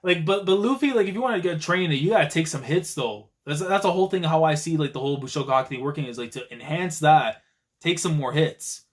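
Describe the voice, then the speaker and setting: Male reaction host, fairly high voice, slangy and excitable, for casual live commentary on a manga chapter. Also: fast talker. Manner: excitable and slangy, with frequent exclamations.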